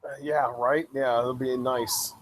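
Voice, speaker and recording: A man co-hosting a live reaction show, expressive and laughing, with swooping exclamations. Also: mid-range voice, unhurried, slight background noise. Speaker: co-host reacting to a wrestling broadcast.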